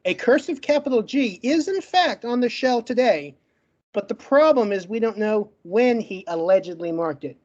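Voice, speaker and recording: A man's voice: high-pitched, lively intonation, darkish tone, lo-fi sound. A man who stutters and gets stuck on words, laying out a closing argument in a podcast debate point by point. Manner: argumentative, lays out points in rapid lists. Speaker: debate guest.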